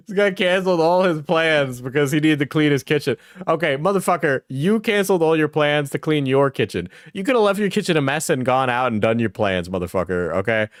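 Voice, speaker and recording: A man's voice: on the high side, lively intonation, brisk, dry recording, studio quality. A man streamer reacting to a clip, mocking it, laughing often and swearing freely. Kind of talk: casual reaction commentary.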